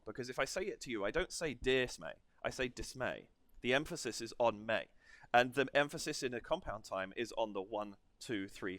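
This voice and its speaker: A man's voice: medium pitch, a bit bright, no room sound. A man hosting a reaction video, analysing a song's rhythm in a digressive way and counting and humming beats to explain it. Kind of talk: music analysis commentary.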